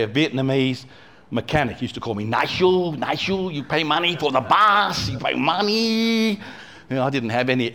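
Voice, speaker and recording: A man, a pastor telling a personal story in a sermon, rambling with many asides. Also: mid-range voice. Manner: rambling, lots of "you know" and restarts.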